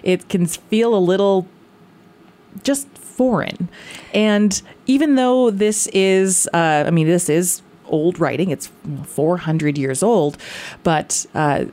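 Female host, slightly low, thoughtful, halting delivery. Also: warm tone. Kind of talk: casual interview chat.

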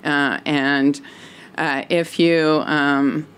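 A woman with a low, smooth and resonant voice, chatting in a relaxed way. She talks easily and leans on fillers as she explains things. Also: very slow. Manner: easygoing, many fillers. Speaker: community theater organizer. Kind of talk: casual panel chat.

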